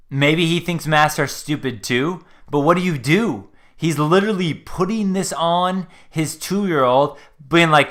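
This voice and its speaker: A man's voice: a little high, moderate pace, a bit bright. A man hosting a live stream, talking casually and earnestly as he reacts to a video clip, rambling and trailing off. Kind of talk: casual commentary.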